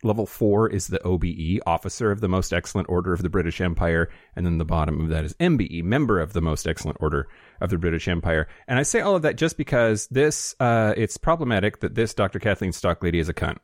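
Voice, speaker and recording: Male podcast co-host, casual news read, sarcastic and profane, animated pitch, dry close sound. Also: quick pace, no echo. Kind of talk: casual chat, reading news. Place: studio.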